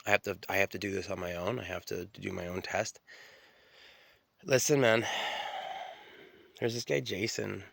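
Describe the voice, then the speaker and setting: Gravelly low-voiced man rambling. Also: steady tone, normal speed, pauses often, a bit bright, dry recording. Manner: profane, stream-of-consciousness storytelling with many restarts. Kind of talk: rambling solo monologue.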